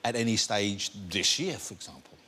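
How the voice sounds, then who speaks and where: A man's voice: on the low side, animated, normal speed, pushed and bright. A man hosting a talk show, asking his guest teasing, probing questions. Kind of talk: chat show interview. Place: TV studio.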